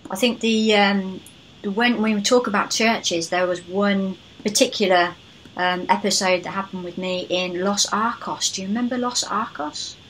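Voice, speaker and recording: A woman hosting a podcast, telling a story in a chatty, animated way. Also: mid-range voice, normal speed, a little hiss or hum, poor audio. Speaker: podcast host. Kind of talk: casual podcast interview.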